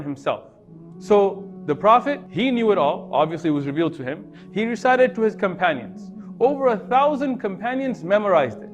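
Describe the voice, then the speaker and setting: High-voiced man explaining to an audience. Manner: asks the audience questions, lively emphasis. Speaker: Muslim speaker teaching non-Muslims.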